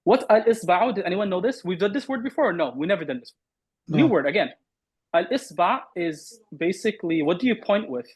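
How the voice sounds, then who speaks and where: A man with a somewhat raised, husky voice runs an online Arabic lesson. He quizzes his students and corrects their answers firmly, often repeating a word several times. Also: high voice, animated, brisk, low-quality recording. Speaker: Arabic teacher. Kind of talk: online class teaching.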